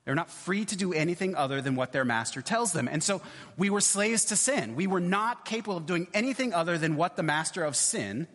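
A man's voice: fairly high pitch, a bit bright, big-room sound. A male pastor giving a conversational sermon in church, often checking in with his listeners. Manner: conversational, repeats "right?" often.

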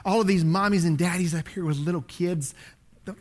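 A man preaching a sermon as a pastor, swinging between loud declarations and hushed whispers as he reads scripture. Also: on the high side, brisk.

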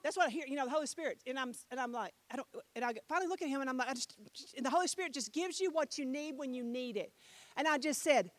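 A middle-aged woman preaching a sermon, telling a story with animated swings between loud and soft and putting questions to her listeners. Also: sits high, fast talker, no room sound. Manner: talks with the audience, asks them questions.

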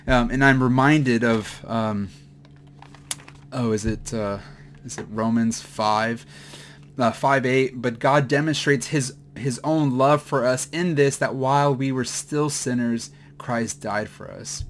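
A man giving a mid-week Bible teaching, halting with many fillers and restarts, at times choked up with emotion. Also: medium pitch, a little hiss or hum.

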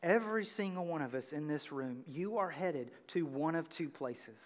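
A man preaching a sermon as pastor, earnest and building to loud emphatic peaks, speaking to a congregation. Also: on the high side, expressive, normal speed, long reverb tail. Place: church sanctuary.

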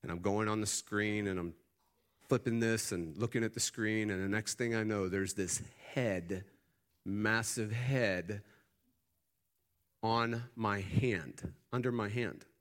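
A man's voice: fairly low pitch, fairly even intonation, slow. Emphatic male pastor preaching a sermon. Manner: emphatic, swings between loud climaxes and quiet storytelling.

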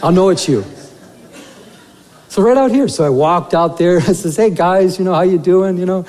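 A man preaching a sermon as a pastor, telling a story in an animated way and saying "you know" often. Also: sits high, fairly quick. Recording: long reverb of a church hall.

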